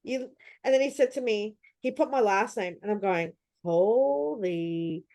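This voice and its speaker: Lively storytelling woman, dry close sound. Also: on the high side, normal speed, dry recording. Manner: animated, acts out her own past reactions. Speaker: host. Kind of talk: casual storytelling chat.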